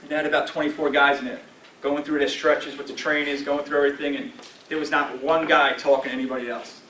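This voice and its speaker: A man in his forties speaks to a room full of players in a direct coaching voice, his tone sitting a little high for a man. He is recorded from a distance, so his voice bounces around a roomy space over a faint background hum. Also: level tone, fast talker, a bit bright. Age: 40s. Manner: direct, coaching tone with frequent "all right?" and "right?". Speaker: guest speaker addressing a football team. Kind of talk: motivational talk. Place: team meeting room. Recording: roomy echo from afar with faint ambience.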